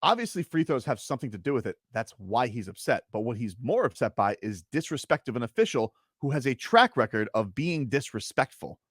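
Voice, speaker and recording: A sports radio host, a man, talks fast and needles his co-host. He argues in a quick, teasing way, and the close mic sounds dry. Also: mid-range voice, sing-song, breathy edge, no echo. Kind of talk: casual studio banter.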